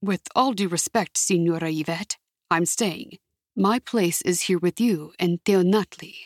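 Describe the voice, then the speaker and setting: A woman reading a loyal, devoted man who speaks in a respectful, earnest way, using her own slightly husky voice. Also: lowish voice, a little slow, no echo, studio quality.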